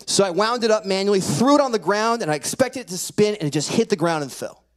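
Pastor, male, storytelling sermon, slightly high voice with lively swings in pitch. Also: fast talker. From California. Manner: animated storyteller acting out voices. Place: church sanctuary.

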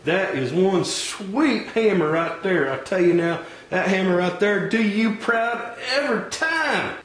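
A man's voice: sits high, expressive, unhurried, fairly bright tone, roomy sound, voice pushed up. A man doing a cocky hardware salesman. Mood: boastful. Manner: drawling, condescending, boastful. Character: pushy folksy male hardware salesman, overconfident.

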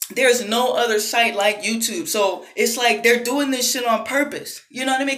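Woman ranting heated and cussing a lot, high voice, kinda echoey room. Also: a bit bright. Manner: profane, heated, keeps asking "you know what I mean". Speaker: vlogger. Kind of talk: angry rant to camera.

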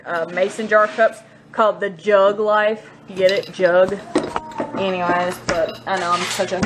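A woman's voice: mid-range voice, flat delivery, unhurried, heavy background noise. A woman in her thirties with a Southern US accent, chatting playfully and giggling while filming a casual vlog in her home kitchen. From Mississippi. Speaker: vlogger, mother.

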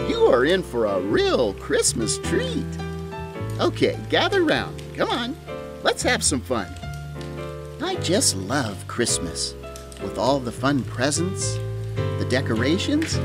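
A woman's voice: low voice, full character voice. A woman voicing a cheerful female talking Christmas tree who leads a crowd, with a bubbly, giggly, sing-song manner, over jingle bell music. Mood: excited. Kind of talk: children's show character voice.

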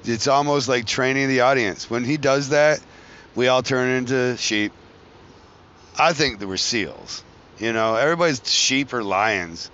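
A man talking on his own podcast in a loose, wandering monologue, cracking jokes and cursing as he drifts between ideas. His voice is bright and forceful, and the recording sounds dull and lo-fi. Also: mid-range voice, lively intonation, a little slow. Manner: joking, profane, wanders between tangents. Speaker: podcast host. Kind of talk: casual rambling monologue.

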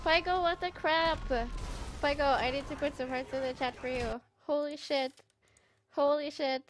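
Very high-voiced overwhelmed young woman. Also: steady tone, moderate pace, a little hiss or hum. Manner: overwhelmed and emotional, laughing and exclaiming. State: near tears. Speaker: streamer. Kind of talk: live-stream reaction.

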